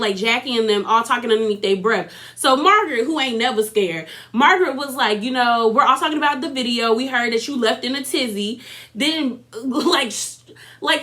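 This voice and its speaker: A woman's voice: on the high side, sharp tone. A woman recapping a reality TV episode in a sassy, chatty way, laughing often and throwing in mocking asides. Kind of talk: casual recap commentary.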